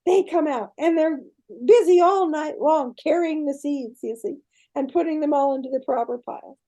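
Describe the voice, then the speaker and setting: An older woman, a guest on a podcast interview, retelling a myth in an animated way and often checking in with her listener. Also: sits high, moderate pace.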